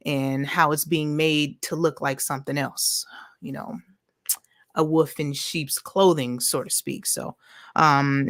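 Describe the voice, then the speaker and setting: Low-voiced chatty woman livestreamer. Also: a bit bright, no room sound, clean studio sound. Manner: chatty, loose, heavy on "you know", reads chat aloud. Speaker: livestream host. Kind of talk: casual livestream chat.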